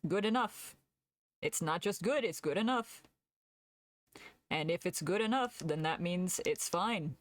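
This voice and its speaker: A woman's voice: on the low side, animated, unhurried, pauses often, dry recording. A young woman streamer chatting casually while she draws, laughing often and answering her chat aloud.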